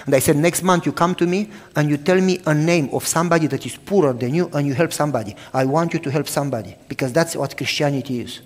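Speaking fast with few pauses, a sixty-something pastor tells stories in his sermon, his voice a little high. He acts out both sides of the dialogues loudly and with animation, and the recording carries a long hall reverb.

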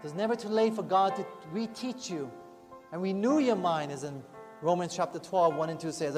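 A man with a high-sitting voice preaches a sermon in a church at a moderate pace, earnest and conversational, often tossing rhetorical asides to the congregation. The recording carries a long hall reverb with faint music in the background.

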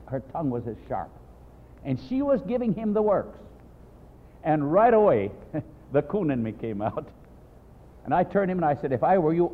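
An older man, a pastor, preaching with folksy stories and acting out dialogue in raised voices. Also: a little high. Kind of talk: sermon with storytelling. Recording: tinny old phone-like tape in a reverberant hall.

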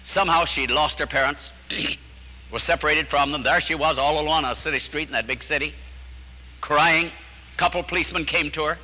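A man preaching a storytelling sermon, earnest, dropping to a hush at key lines. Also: a little high, steady tone, moderate pace, long reverb tail, poor audio.

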